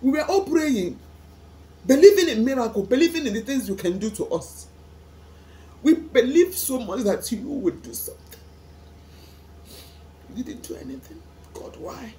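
A woman's voice: fairly high pitch, dark tone, a little hiss or hum. A woman with a Nigerian accent, tearful and sighing, pleading as she asks God question after question in an emotional vlog. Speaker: vlogger.

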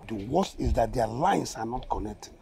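An actor with a Nigerian accent playing an anxious, puzzled married man with a gravelly voice. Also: mid-range voice, animated, moderate pace, mellow. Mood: worried. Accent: Nigerian English. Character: worried married man waiting for family.

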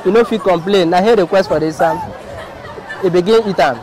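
Nigerian male storyteller, high voice, comic and animated, outdoor crowd behind. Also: fairly quick, poor audio. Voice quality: animated, mimics characters. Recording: outdoor crowd and street noise.

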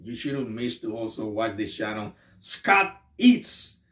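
Halting man vlogging in an echoey room. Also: on the low side, sing-song, distant mic. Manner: halting, repeats words, trails off softly. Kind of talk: casual chat to camera.

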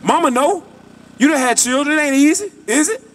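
A man's voice: very high voice, animated, brisk, a bit bright. A man preaching on an outdoor street, emphatic and repetitive in a colloquial way. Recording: distant mic, traffic noise.

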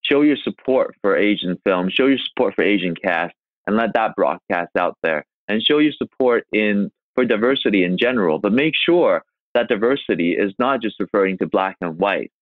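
Man from China, podcast guest, earnest and emphatic, lowish voice over a thin phone-like call. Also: expressive, moderate pace, no echo. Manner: earnest, emphatic, rhetorical questions. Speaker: guest actor. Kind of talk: podcast interview. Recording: tinny phone-like remote line.

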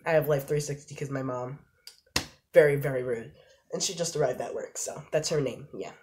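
A woman reacting to a game trailer, gushing and excitable, squealing and laughing between exclamations. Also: very deep voice, moderate pace, a little hiss or hum. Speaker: gaming YouTuber.

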